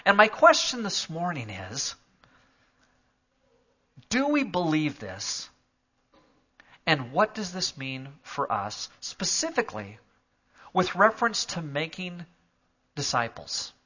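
A man preaching a sermon to a church congregation, moving from calm explanation to loud, emphatic declarations. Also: on the high side, takes it slowly, pauses often, lo-fi sound. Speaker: pastor. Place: church sanctuary.

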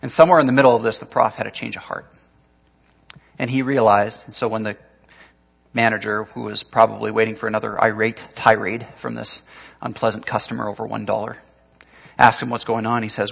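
Gravelly pastor preaching in a reverberant hall. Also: male voice, medium pitch, a little fast. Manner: storytelling, shifting from animated to hushed. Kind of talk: sermon. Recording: dull lo-fi sound with long hall reverb.

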